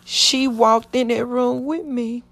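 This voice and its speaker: Woman, higher register, raw spoken testimony with a tearful, pleading edge; dry close mic. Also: steady tone, slow pace, creaky, a bit bright, no room sound. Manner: tearful, pleading, with fervent prayerful outbursts. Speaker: podcast storyteller. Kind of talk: emotional personal testimony.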